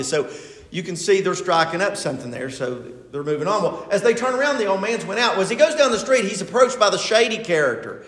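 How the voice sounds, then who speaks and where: High-voiced older preacher in an echoey hall. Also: male voice, lively intonation, brisk, fairly bright tone. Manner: folksy storytelling, retelling a TV episode. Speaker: pastor. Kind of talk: sermon.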